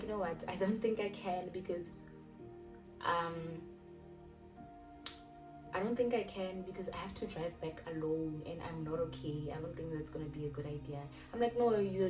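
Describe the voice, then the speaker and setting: A young South African woman casually retelling a personal story, acting out the lines of the people in it. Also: low voice. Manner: animated retelling, acting out quoted dialogue. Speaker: YouTuber. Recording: echoey room, distant mic, background music.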